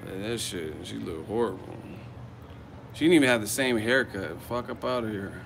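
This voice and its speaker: A man's voice: fairly low pitch, expressive, moderate pace, gravelly, fairly bright tone, a little hiss or hum. Profane joking man on a live vlog. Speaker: boxing YouTuber host. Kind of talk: live-chat vlog storytelling. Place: hotel room.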